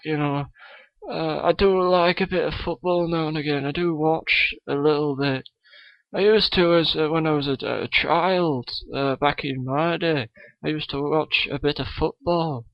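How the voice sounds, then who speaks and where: A man putting on an impression of a brash, cheeky older Scottish male comedian, loud and rambling in a put-on Scottish accent. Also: on the high side, measured pace, no echo. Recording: dull lo-fi recording.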